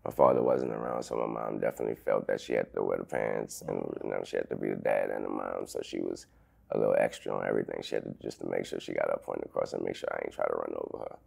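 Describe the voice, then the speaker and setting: A man in his thirties, an interview guest telling a painful personal story in halting sentences full of restarts. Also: extremely low pitch, fairly even intonation, creaky, breathy edge. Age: 30s. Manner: halting, restarts sentences, loud when quoting others.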